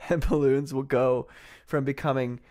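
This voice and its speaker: A man's voice: mid-range voice, darkish tone. A man hosting a casual livestream, rambling and sarcastic, often breaking into laughter. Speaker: livestream host.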